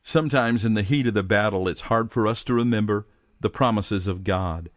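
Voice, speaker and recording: A man preaching a sermon as a pastor. He reads scripture slowly and earnestly, and his voice drops softly at the ends of phrases. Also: fairly low pitch, no room sound, studio quality. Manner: earnest, slows down for scripture readings.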